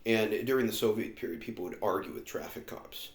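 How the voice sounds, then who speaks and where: A man's voice: on the low side, brisk, reverberant. A man vlogging in a rambling, sardonic monologue full of fillers and asides. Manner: sardonic, filler-heavy, meandering.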